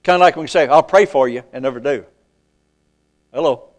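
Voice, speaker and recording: Folksy older preacher with a drawl. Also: male voice, on the high side. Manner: folksy, calls out to the congregation, slows down to recite scripture. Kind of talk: sermon. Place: church.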